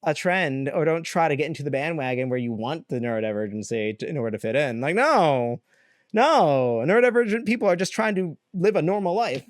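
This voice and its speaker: A man's voice: fairly high pitch, sing-song, normal speed, no room sound, soft background music. Rambling young man, dry close podcast voice. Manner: candid, rambling, with many fillers and laughs. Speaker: podcast host. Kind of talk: casual solo podcast rant.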